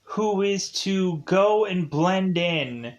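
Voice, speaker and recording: A young man with a slightly raised voice recaps a film in a slow, loose ramble. He leans on "like" and restarts, then drops into little acted bits of the characters' lines. The delivery is casual and unscripted. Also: high voice, lively intonation. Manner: rambling, many "like" fillers, acts out lines. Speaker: film reviewer.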